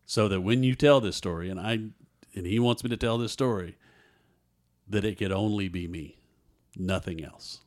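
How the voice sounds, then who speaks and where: With a low voice and a moderate pace, a male interview guest earnestly recounts a personal experience, acting out the things other people said.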